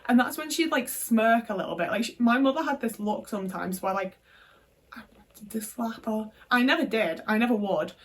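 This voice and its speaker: A young woman from the UK talks straight to camera about her past, blunt and peppered with swearing. Her voice sits fairly high, and she sounds a little distant from the microphone. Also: moderate pace. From United Kingdom. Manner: frank, swears often, many filler "like"s. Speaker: vlogger. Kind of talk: casual storytime monologue.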